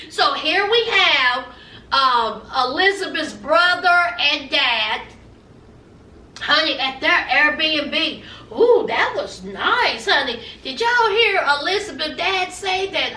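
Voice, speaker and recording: Sassy and gossipy, a high-voiced woman recaps a TV show casually, performing the cast's lines herself. Her tone is pushed and bright, with slight background noise, an echoey room, and a distant mic.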